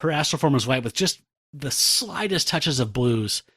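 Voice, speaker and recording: Wry podcast co-host, lively voice. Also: male voice, medium pitch, normal speed, slightly rough, no echo, studio quality. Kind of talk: casual comic-book discussion.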